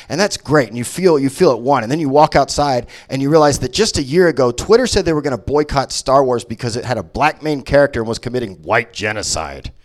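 A man's voice: fairly high pitch, lively intonation, fairly quick, hardly any pauses. A man doing a stand-up comedy set, ranting sarcastically with lots of swearing. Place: comedy venue.

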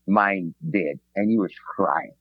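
Low-voiced chef telling stories. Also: male voice, slow, no echo, phone-quality sound. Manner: rambling, repeats words, animated retelling. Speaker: chef and podcast guest. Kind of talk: casual storytelling chat.

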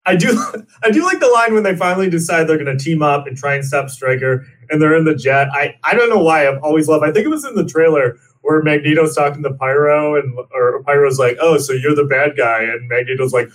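A man's voice: a little high, lively intonation, fairly quick. A man co-hosting a casual movie podcast, rambling with fillers and laughing often. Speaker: podcast co-host.

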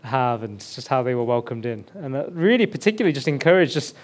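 Guest preacher from England, mild Birmingham accent, mid-pitched, casual and self-deprecating, headset mic. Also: male voice, big pitch swings, fast talker. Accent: Birmingham, mostly suppressed. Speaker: guest pastor. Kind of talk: sermon. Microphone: headset mic slipping off.

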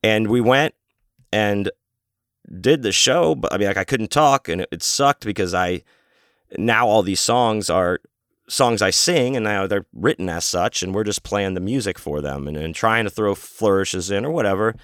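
A man's voice: lowish voice, normal speed, a bit bright, dry recording, studio quality. A man hosting his own show, telling a rambling story in a casual, profane, self-interrupting way. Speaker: podcast host and author.

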